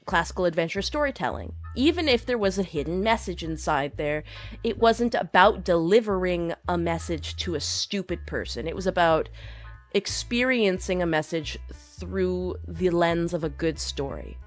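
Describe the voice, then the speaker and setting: A woman's voice: fairly low pitch, lively intonation, normal speed, soft background music. A young woman streamer talking casually, ranting in an opinionated, rambling way. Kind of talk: casual live-stream chat.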